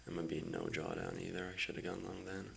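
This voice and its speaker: A man's voice: sits low, flat delivery, fast talker, creaky, fairly bright tone, a little hiss or hum. A man muttering his way through a live trading session, frustrated, swearing and often half-whispering. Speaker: trader streaming his own trading session.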